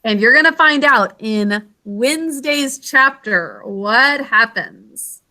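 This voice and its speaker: A woman's voice: high voice, expressive, slow pace, pushed and bright. A woman teacher leading a vocabulary and spelling lesson. She asks the class questions, calls on students by name, and patiently sounds out each syllable.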